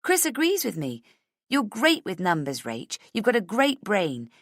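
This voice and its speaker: A woman voicing a bubbly, pushy young female coworker who gushes with excitement. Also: medium pitch, a little slow, no room sound, clean studio sound, pitched above the performer's own voice, exaggerated voice. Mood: excited. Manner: gushing, excitable.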